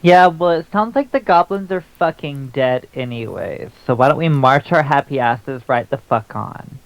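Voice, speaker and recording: A man's voice: mid-range voice, animated, normal speed, gravelly, no echo, poor audio. Male player, crude brash banter, dry close mic.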